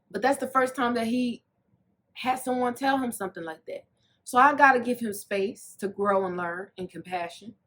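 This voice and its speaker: A woman hosting a TV episode recap, her voice sitting a touch high for a woman. She talks in a sassy, animated way, bursting into loud jokes and then dropping into soft, earnest asides. It is casual, opinionated commentary. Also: husky. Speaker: recap host.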